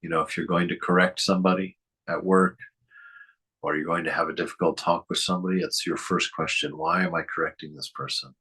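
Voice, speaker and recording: A male spiritual teacher gives a gentle, reflective talk, posing many rhetorical questions and chuckling often. His voice is low with a breathy edge, and he speaks fairly quickly in a steady tone.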